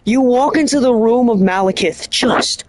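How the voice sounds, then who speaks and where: An excitable streamer rambling about a game, often stopping mid-thought to correct the story. The voice is middle-pitched and animated. The sound is dry, with little room echo. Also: normal speed. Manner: rambling, excitable, keeps restarting and correcting itself; animated storytelling with bursts of laughter. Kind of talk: casual streaming chat.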